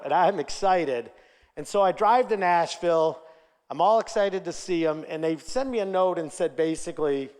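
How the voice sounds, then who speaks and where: A man giving a motivational conference talk, telling a personal story with energy and acting out quoted dialogue. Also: a little high. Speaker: conference speaker. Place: large conference hall. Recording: hall reverb.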